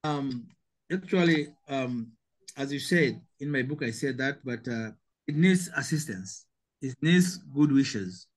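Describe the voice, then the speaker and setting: A man's voice: medium pitch, lively intonation, unhurried. Older Tanzanian man, emphatic guest. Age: 70s. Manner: emphatic, repeats and restarts words. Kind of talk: interview answers.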